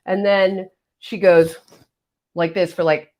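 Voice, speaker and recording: A woman's voice: lowish voice, level tone, takes it slowly, long pauses, dull audio. A woman hosting a casual livestream, reading viewer comments with a playful, jokey manner and mock-solemn asides, on a webcam mic. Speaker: livestream host.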